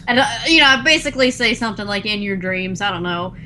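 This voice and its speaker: This young woman chats on a gaming podcast with a bright, forceful tone and a slightly high pitch. She talks loosely and laughs often, slipping into quick put-on lines for the characters. A faint rumble sits under the recording. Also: expressive, rough recording. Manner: chatty, laughs often, acts out game lines. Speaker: podcast co-host. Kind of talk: casual gaming podcast chat.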